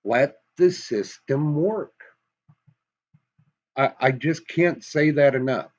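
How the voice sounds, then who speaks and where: A man's voice: on the high side, slow, darkish tone, dull audio. A man with a Massachusetts accent giving an emphatic, folksy opinion monologue, full of rhetorical questions. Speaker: commentary vlogger.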